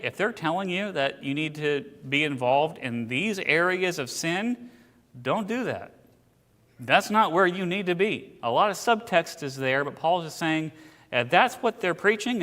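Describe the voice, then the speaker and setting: Teaching a laid-back Bible class at church, a man tells stories conversationally and drops in asides. His voice is a little high with a fairly bright tone. The church hall gives the recording a long reverb.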